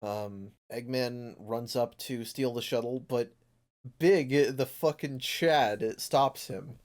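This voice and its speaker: A man's voice: mid-range voice, slow, a little mellow. A man hosting a casual comic review chat, rambling and joking with fillers and swearing. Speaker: podcast host.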